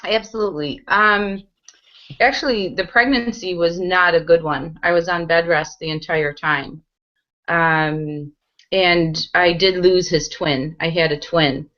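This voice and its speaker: Woman from the US, middle-aged, interview guest, earnest, low voice, dull lo-fi sound. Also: fairly even intonation, unhurried, a bit bright. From United States. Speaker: guest, mother. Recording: dull lo-fi audio.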